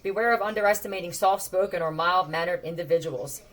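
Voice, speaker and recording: A woman with a fairly low voice talks through a tarot reading in a loose, conversational way. She is blunt and swears freely as she thinks aloud. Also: fast, a little hiss or hum. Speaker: tarot reader. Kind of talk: casual tarot reading commentary.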